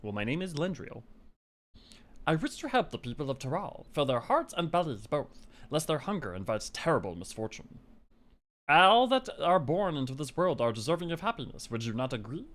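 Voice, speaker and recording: Man putting on an ancient corn spirit, male, game character, grand old-fashioned speech, high and lively pitch. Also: normal speed. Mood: hopeful. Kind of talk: reading game dialogue aloud in character.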